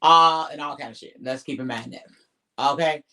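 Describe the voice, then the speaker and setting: A man's voice: fairly high pitch, normal speed, sharp tone. A man co-hosting a casual live stream, talking bluntly and emphatically with heavy profanity.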